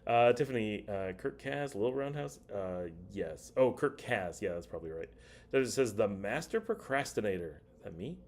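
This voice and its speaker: A man's voice: lowish voice, lively intonation, moderate pace. A middle-aged man hosting a casual livestream, chatting and reading viewer comments aloud. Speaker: livestream host.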